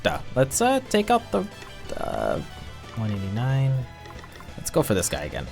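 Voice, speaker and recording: Man streamer, goofy, self-mocking, lively pitch, faint game music. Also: normal speed, creaky. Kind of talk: casual let's-play commentary.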